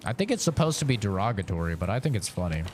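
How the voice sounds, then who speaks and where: A man's voice: fairly low pitch, big pitch swings, quick pace, darkish tone, slight background noise. A Canadian man in his twenties streaming a game, chatting casually and rambling as he answers his viewers. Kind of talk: casual live-stream chat.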